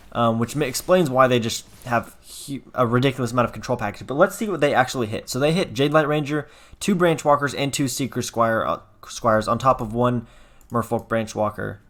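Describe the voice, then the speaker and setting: A young man talks through a card game in casual commentary, mulling his plays out loud. He restarts and corrects himself as he goes, and stays wry when a game turns against him. His voice sits at an ordinary middle pitch. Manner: thinks aloud, self-correcting, wry. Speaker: gameplay commentator.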